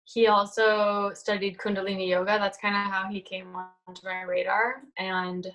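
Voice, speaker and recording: A woman's voice: medium pitch, flat delivery, normal speed, a bit bright. A woman, an actress and producer, talking reflectively as a podcast guest with many fillers. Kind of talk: casual interview chat.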